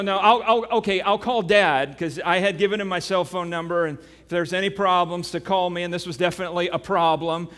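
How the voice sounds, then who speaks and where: A man preaching a sermon as pastor. He tells a story with animation and then turns quiet and earnest. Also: high voice. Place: church sanctuary. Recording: long reverb of a church hall.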